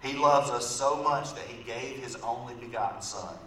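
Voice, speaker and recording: A man with a medium-pitched, slightly bright voice and moderate pace preaches, sharing an illustrative story in a conversational manner. He keeps checking in with the congregation with "right?", recorded far off in an echoey church sanctuary with faint background noise.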